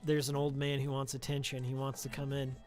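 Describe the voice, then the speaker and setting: A man's voice: mid-range voice, completely flat delivery, a little fast, darkish tone, soft background music. A man streaming a game, chatting casually and rambling into tangents about old games, on a studio microphone with a pop filter. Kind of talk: casual live-stream chat while playing.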